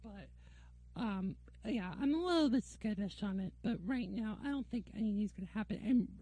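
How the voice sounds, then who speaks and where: A woman's voice: medium pitch, animated, normal speed, dark tone, no room sound. A woman ranting to camera in a casual, opinionated, sarcastic monologue, talking from a dim room on a break. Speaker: vlogger. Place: dim indoor room during a work break. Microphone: camera mic.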